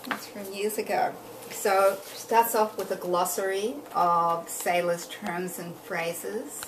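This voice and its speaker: Slow, distant woman reading a picture book. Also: mid-range voice, background noise. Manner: expressive read-aloud, pausing to point out details.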